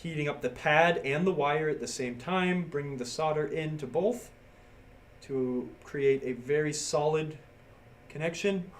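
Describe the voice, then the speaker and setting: This livestream host speaks a little high and unhurried while fixing a pinball circuit board at his workbench. He walks through the repair step by step in a relaxed way, chatting with viewers and reading their messages.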